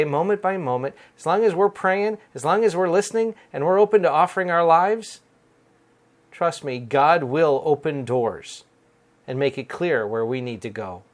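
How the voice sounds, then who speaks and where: A man with a fairly high voice delivers a short homily as a Catholic priest. He talks in an earnest, conversational way and chuckles now and then, as if speaking with friends in a rectory room. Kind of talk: conversational daily homily podcast.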